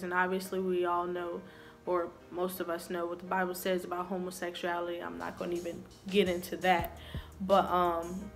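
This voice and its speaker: A young woman vlogger telling a personal story to camera in an earnest, confessional way. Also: on the low side.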